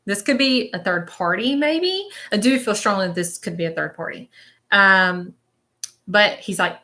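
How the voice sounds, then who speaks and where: A woman reads for a live-stream audience as a spiritual medium, her medium-pitched voice bright and forceful with lively intonation at a measured pace. She narrates visions in the present tense, rambling, hesitant and searching, often pausing on "okay?" to check in.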